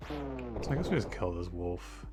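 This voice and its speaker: Loud music plays under a man's mid-range voice, which is lively in intonation yet measured in pace. He's a video game streamer casually narrating his own run, talking to the characters and snapping in exasperation at bad luck.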